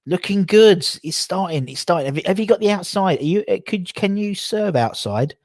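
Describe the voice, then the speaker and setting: A man's voice: high voice, expressive, normal speed, darkish tone, no room sound. A man, chatting casually on a livestream, rambling and self-correcting as he reads out viewer comments. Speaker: livestream host.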